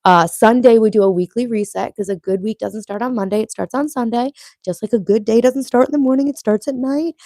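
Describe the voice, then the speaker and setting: A woman's voice: a little high, a little fast, warm tone, dry recording. A woman in her late thirties hosting a casual livestream, reading viewer comments aloud and answering them in a brash, chatty way with free swearing. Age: late 30s. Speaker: livestream host.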